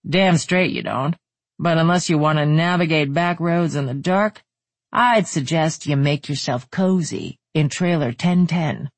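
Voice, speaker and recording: A cocky, leering trailer park manager drawls his taunts with smug ease, as a narrator puts him on. The voice is husky and breathy, set dry and close with no room around it. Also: fairly high pitch, a little slow, no room sound.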